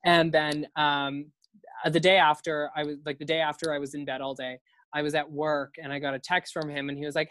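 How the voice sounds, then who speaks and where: A man's voice: fairly high pitch, level tone, a little fast, fairly bright tone, no echo. Chatty young man telling a wild story. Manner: chatty, swears freely, laughs often. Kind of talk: casual storytelling.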